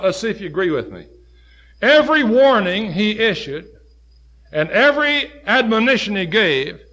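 A male preacher delivering a sermon with a somewhat high voice. His pitch swings widely as he climbs to emphatic, loud peaks and then sinks low and quiet. He reads scripture in its old wording. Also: dull audio. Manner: quotes scripture in old King James wording.

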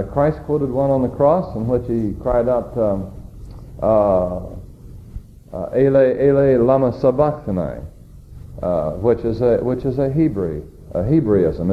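A man delivers a sermon in a middle-pitched voice, unhurried and deliberate, stopping often on "uh" and putting questions to his listeners. The recording is muffled and lo-fi. A faint noise sits underneath. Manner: slow, deliberate teaching with frequent "uh" fillers; asks the congregation rhetorical questions. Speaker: preacher.

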